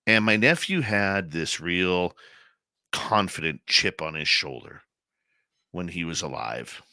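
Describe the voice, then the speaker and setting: A man's voice: low voice, animated, slow, sharp tone, no room sound, clean studio sound. A male radio host, emotional and heartfelt as he shares a personal story in conversation. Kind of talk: conversational interview.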